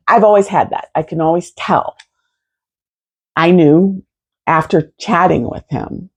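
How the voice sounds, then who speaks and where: A woman in her fifties telling a personal story to camera in an animated, expressive way, swearing freely. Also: fairly high pitch, gravelly, husky. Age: 50s. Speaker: vlogger.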